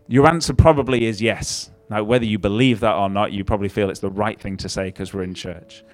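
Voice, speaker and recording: A man's voice: on the low side, fast talker, hardly any pauses. A man preaching a conversational sermon with wry, self-deprecating asides.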